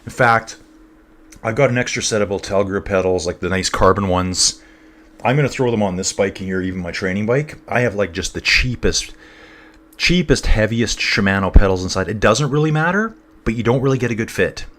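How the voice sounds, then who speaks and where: A man's voice: on the low side, fairly quick, a bit bright. A man giving casual live commentary on a cycling race, chatting and rambling with his viewers. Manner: chatty and rambling, talks to viewers as "guys" and "dude".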